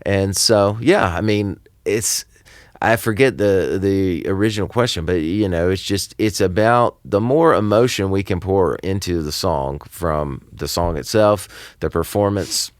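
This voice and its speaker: A man's voice: low-pitched, a little slow, dry recording, studio quality. A man, a recording engineer and producer, talking loosely in a casual podcast interview, with lots of fillers and restarts.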